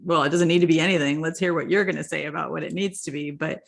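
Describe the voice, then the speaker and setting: A woman's voice: deep voice, steady tone, fast talker, gravelly. A woman hosting a health podcast, asking friendly follow-up questions and thinking aloud. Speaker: podcast host, physician. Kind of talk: casual interview chat.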